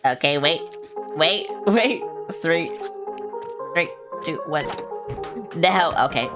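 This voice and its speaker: A woman streamer talking through her gameplay live, excitable and quick to panic, swearing casually as she plays. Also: deep voice. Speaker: game streamer. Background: game music.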